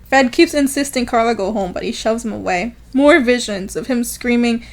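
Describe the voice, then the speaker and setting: A woman co-hosting a podcast recaps a novel in casual conversation, animatedly retelling each scene and reading quotes aloud while laughing often. Her voice is slightly high and she speaks at a normal speed.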